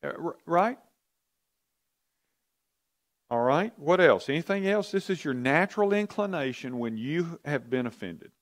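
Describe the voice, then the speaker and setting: A man's voice: a little high, expressive, normal speed. A man leading an interactive church teaching, conversational, asking the audience questions and often repeating himself. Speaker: pastor or Bible teacher.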